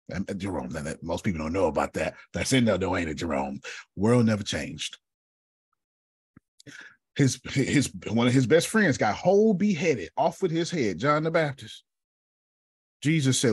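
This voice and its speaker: A man's voice: mid-range voice, big pitch swings, moderate pace, slightly rough, dry recording. A man telling a story in a preaching style, dramatic, repeating a refrain and calling on listeners by name. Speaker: speaker.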